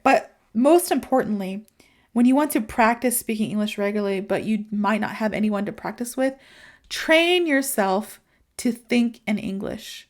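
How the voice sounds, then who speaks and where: An American woman hosts an easygoing podcast in a somewhat high voice. She talks in a chatty, personal way, often saying "you know" and picking up speed when something excites her. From United States. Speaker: podcast host. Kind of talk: casual podcast advice for English learners.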